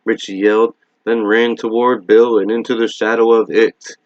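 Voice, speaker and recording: Man narrating a horror novel, steady and measured, low voice, dry close mic. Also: no room sound. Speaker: reader. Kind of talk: reading a novel aloud. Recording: dull lo-fi recording.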